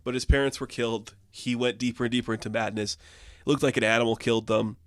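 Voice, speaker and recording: A man's voice: medium pitch, fairly even intonation, fast talker, no echo. A young man casually reviewing a comic book, rambling and peppering his talk with filler words.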